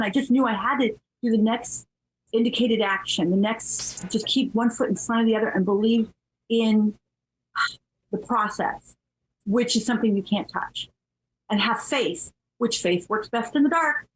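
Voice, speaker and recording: A woman in her fifties from California, a podcast guest telling her story candidly in an animated, chatty way and laughing as she goes. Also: on the high side, low-quality recording. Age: 50s.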